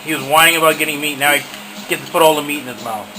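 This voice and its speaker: A man's voice: a little high, rapid-fire, over music, low-quality recording. A young man ranting to his camera outdoors, profane and agitated, filmed on a handheld phone. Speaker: vlogger. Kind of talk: casual rant to camera.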